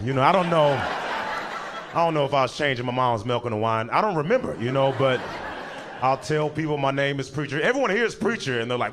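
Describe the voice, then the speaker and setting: A man doing a stand-up comedy set on a club stage, animated, now and then jumping into high squealing voices for other people. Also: quick pace, background noise. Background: audience laughter.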